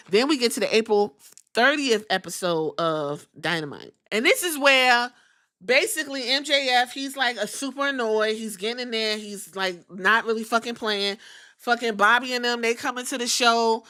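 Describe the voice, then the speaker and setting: Middle-aged woman podcast host, casual and profane storyteller, bright and a touch high. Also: normal speed. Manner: animated storytelling, acting out quotes, swearing freely. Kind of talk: casual recap of wrestling episodes.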